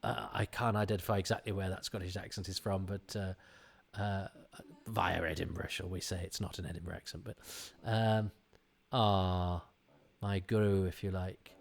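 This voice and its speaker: A man's voice: low-pitched, little pitch movement, normal speed, gravelly. A man giving casual commentary on an old TV episode, rambling and often restarting his sentences. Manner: rambling and self-interrupting, frequent restarts.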